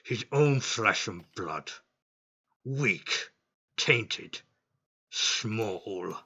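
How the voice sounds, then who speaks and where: A man voicing a huge, bitter male minotaur who shouts accusations. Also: lowish voice, animated, extremely slow, slightly rough, dull audio, exaggerated voice. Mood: accusing.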